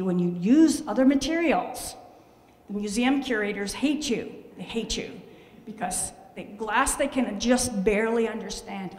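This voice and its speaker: A woman artist from Canada tells lively, self-mocking stories about her work in a gallery talk. Her voice has a gravelly, fry-tinged edge. It rings out through a roomy hall with a long reverb tail. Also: medium pitch. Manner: animated storytelling, exclaims and jokes at herself. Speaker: glass artist giving a talk.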